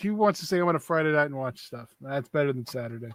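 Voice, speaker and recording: A man co-hosting a casual podcast, tossing in quick wisecracks. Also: on the high side, animated, no room sound. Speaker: podcast co-host.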